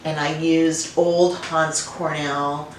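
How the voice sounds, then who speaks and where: A woman winemaker being interviewed, telling stories and remembering in a warm, conversational way. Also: low voice, little pitch movement, slow. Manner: warm storytelling, reminiscent. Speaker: winemaker guest. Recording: roomy, distant, faint noise.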